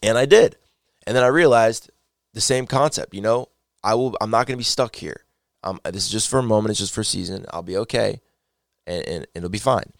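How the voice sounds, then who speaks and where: A man giving a personal faith testimony, telling his story earnestly and excitably, often repeating words as he gets wound up. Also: lowish voice, brisk, creaky, no echo, clean studio sound.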